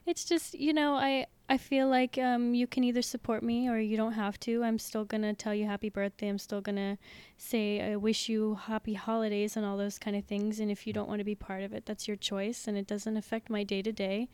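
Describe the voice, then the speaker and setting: Candid, smooth-voiced woman guest. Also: medium pitch, little pitch movement, fairly quick, a little mellow, no echo. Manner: candid, laughs often. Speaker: podcast guest. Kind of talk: casual chat.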